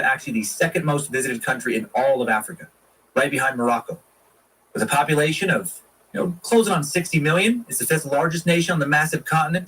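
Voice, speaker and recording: A man's voice: on the high side, fairly bright tone, husky, distant mic, poor audio. A man hosting a casual history podcast, irreverent and profane, with jokey asides. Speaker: podcast host.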